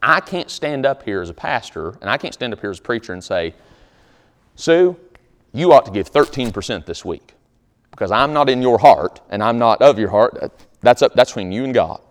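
A male pastor delivers a sermon in a loose, conversational way. His pitch rises and falls a lot as he jokes with the congregation. He slips into reading scripture aloud between his remarks. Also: expressive, fairly quick.

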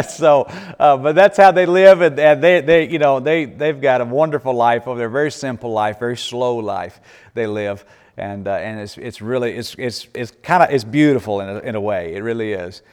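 A man with a mid-range, clean-toned voice speaks at a moderate pace in a church Q&A talk. As a missionary speaker, he tells folksy stories and answers questions, often laughing and restarting sentences. The echoey hall adds long reverb.

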